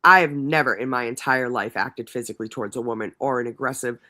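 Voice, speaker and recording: A man's voice: mid-range voice, quick pace, bright, forceful tone. A man co-hosting a livestream, reading trial testimony aloud and breaking in with mocking, profane asides. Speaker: livestream co-host.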